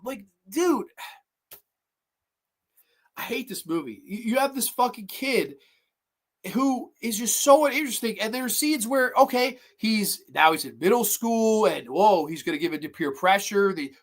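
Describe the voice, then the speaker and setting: A woman's voice: medium pitch, animated, measured pace. A woman hosting a movie review show, ranting bluntly and with lots of swearing about a film she dislikes. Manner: profane, blunt, exasperated. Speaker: movie review podcast host.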